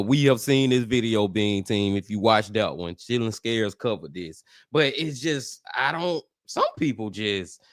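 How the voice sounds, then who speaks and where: Animated slangy reaction streamer. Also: male voice, fairly low pitch, no echo, clean studio sound. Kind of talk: casual live reaction.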